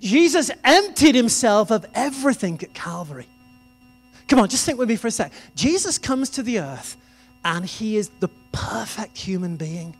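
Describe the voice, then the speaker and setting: A man's voice: high voice, very animated, moderate pace. A man preaching a sermon in a conversational, storytelling way. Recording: reverberant hall with music behind.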